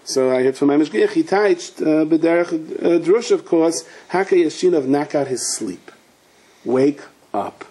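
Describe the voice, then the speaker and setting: A man's voice: fairly high pitch, lively intonation, a little slow, dark tone, husky. A man, a rabbi, giving a sermon in a storytelling way, asking questions and mixing in Hebrew and Yiddish words.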